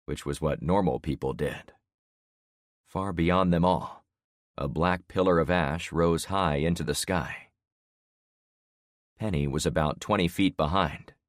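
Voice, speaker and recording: A man in his sixties narrating an audiobook in the first person with steady storytelling. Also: low voice, dry recording, clean studio sound. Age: 60s.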